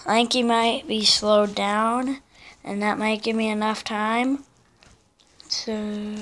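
A woman giving casual live commentary on her own gameplay, chatting in slang and breaking into excited yelps and repeated protests. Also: a little high, slow pace, a little hiss or hum.

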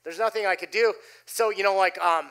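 A middle-aged man preaching a sermon, telling a personal story with animated delivery and dropping his voice low for quoted lines. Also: fairly quick, clear, resonant tone. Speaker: pastor. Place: church stage before a congregation.

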